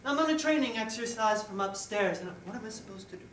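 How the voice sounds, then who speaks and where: A woman's voice: fairly high pitch, animated, quick pace, lightly acted. A woman performing live on stage as a flustered, giggly female goddess-in-training who chats directly with the audience. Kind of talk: live solo theater performance. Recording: echoey live room, distant mic, background noise.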